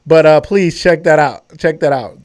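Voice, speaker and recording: A male host of a live cooking stream, playful and quick to joke. He teases his guest and reads out viewer comments with plenty of energy. His voice sits slightly high. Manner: playful, joking, excitable.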